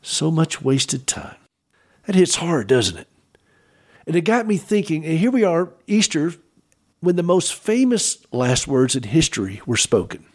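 Man, devotional speaker, unhurried and reflective, slightly raised pitch, lots of emphatic pauses. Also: sing-song. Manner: asks the listener direct questions. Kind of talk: devotional Easter talk.

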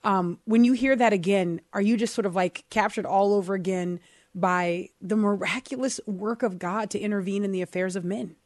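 A woman's voice: medium pitch, fairly even intonation, normal speed, no room sound. Woman, radio host, casual talk, enthusiastic, dry studio sound. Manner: enthusiastic, exclaiming.

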